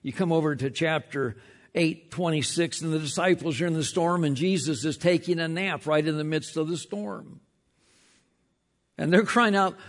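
Man, pastor, sermon, slightly high voice, emphatic, hushed key lines, repeats words. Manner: emphatic, slows and drops to a hush on key lines.

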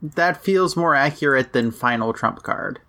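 A woman's voice: low voice, animated, measured pace, a bit bright. A woman co-hosting a casual podcast, talking in a dry, hedging, matter-of-fact way. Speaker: podcast co-host. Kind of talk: casual chat recapping an anime episode.

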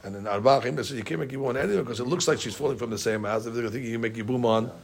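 Guy teaching talmud fast, husky voice, keeps repeating himself and dropping hebrew terms. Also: mid-range voice. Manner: quick, halting, repeats words, mixes Hebrew and Aramaic terms. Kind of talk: Talmud study class.

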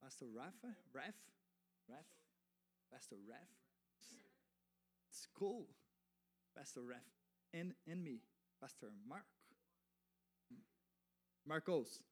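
A man, not a native English speaker, preaching as a guest pastor in halting, self-correcting English that builds to fervent shouting. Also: a little high, lively intonation, breathy edge. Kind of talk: sermon.

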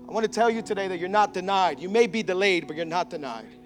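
Animated high-voiced male pastor preaching. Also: fast, soft background music. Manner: animated, acts out biblical characters. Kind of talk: sermon.

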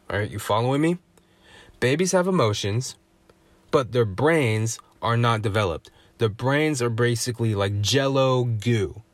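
A man ranting in a casual, profane podcast monologue. He swears freely, keeps asking "right?", and rises to loud indignation. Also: medium pitch, no room sound. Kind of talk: profane comedic rant.

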